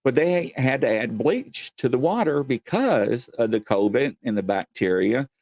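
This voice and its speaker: A man's voice: mid-range voice, expressive, unhurried, a little mellow, dry recording. A man hosting a paranormal talk show, telling stories in a folksy, meandering way and addressing his audience directly. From Kentucky. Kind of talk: casual rambling storytelling.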